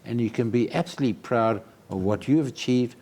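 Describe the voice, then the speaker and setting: A man interviewing with a mellow, warm voice. He speaks earnestly and with emphasis. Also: mid-range voice, a little fast. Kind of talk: formal interview closing.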